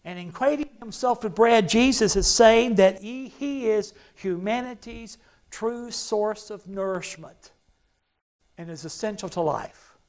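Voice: medium pitch, darkish tone. A pastor preaching a sermon to a church, stressing phrases by repeating them and leading the congregation in call-and-response.

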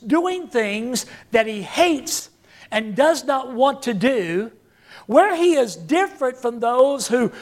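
A preacher delivering a sermon, repeating key phrases for emphasis and calling on the congregation to say lines back and answer. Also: sits high.

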